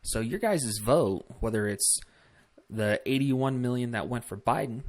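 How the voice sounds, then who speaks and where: A man with a mid-range voice hosts a casual political commentary vlog at a normal speed. He talks bluntly and profanely, rambling with fillers and asides.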